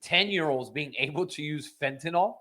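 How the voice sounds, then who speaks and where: Podcast guy ranting and cussing, bright tense voice a bit high. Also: normal speed. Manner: ranting, profane, rambling with restarts. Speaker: podcast host. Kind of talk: casual podcast chat.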